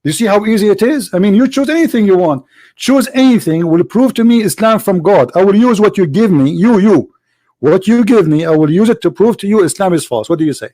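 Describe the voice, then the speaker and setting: Insistent debating host with a higher voice. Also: male voice, lively intonation, fairly quick, warm tone. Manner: argumentative, insistent, repeats points for emphasis. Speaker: host of a live call-in religious debate show. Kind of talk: live call-in debate.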